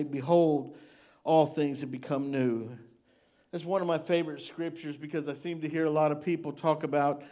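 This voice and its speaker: A man's voice: a little high, fairly even intonation, moderate pace, mellow. A man preaching a midweek sermon as pastor, impassioned and emotional, with rising exclamations. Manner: emotional and tender-hearted.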